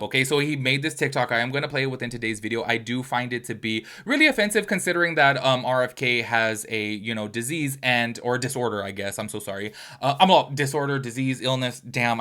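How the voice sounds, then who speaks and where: Bright-voiced chatty male commentator. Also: medium pitch. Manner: rambling, chatty, many fillers and asides to viewers; apologetic, earnest. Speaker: online commentary creator. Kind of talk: casual opinion commentary.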